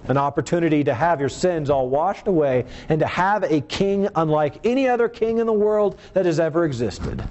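A man's voice: animated, normal speed, hardly any pauses, darkish tone, muffled recording, a little hiss or hum. Earnest male preacher, emphatic delivery. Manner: earnest, emphatic preaching with rising and falling pitch. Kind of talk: sermon.

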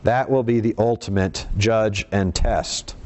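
A man's voice: lowish voice, steady tone, unhurried, darkish tone, a little hiss or hum. A man preaching a sermon in a conversational way, often putting rhetorical questions to his congregation.

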